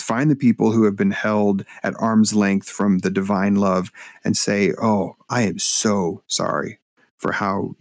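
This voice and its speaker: A man, a guest author and minister, telling a story in a podcast interview with animated, halting delivery. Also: on the low side, dry recording, clean studio sound. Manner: animated, acts out voices when retelling, halting restarts.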